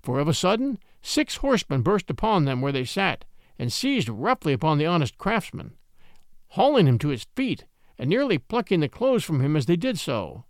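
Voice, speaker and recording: Male storybook narrator, animated pitch, dry close sound. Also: moderate pace, no room sound. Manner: expressive, lively reading. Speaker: audiobook narrator.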